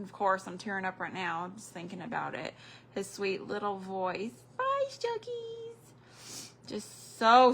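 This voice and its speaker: A woman's voice: medium pitch, a bit bright. An older woman, chatting casually while crafting and counting beads under her breath on a livestream.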